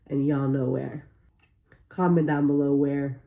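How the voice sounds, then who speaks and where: Mellow-voiced woman ranting in a reaction. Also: a bass voice, fairly even intonation, measured pace, creaky. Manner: exclamatory, incredulous, rants at viewers. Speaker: reaction video host. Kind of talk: casual reaction commentary.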